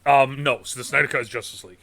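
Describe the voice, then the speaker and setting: A podcast host, a man with a bright, forward, mid-range voice, rambles through casual movie talk and swears along the way. He speaks very fast with a creaky edge and fairly even intonation. The recording is close and dry, with no room sound or echo.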